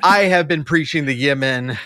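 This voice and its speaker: A man's voice: fairly high pitch, normal speed, bright, forceful tone, no room sound, studio quality. A man co-hosting a podcast, chatting casually with many restarts and fillers, laughing often. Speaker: podcast co-host. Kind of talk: casual chat. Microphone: remote call mic.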